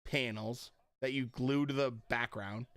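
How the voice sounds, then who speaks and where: A man's voice: mid-range voice, fairly even intonation, measured pace, a bit bright, clean tone, no room sound. A man chatting casually on a live stream from his home setup, blunt and profane, getting riled up. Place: home streaming room with lit panel backdrop.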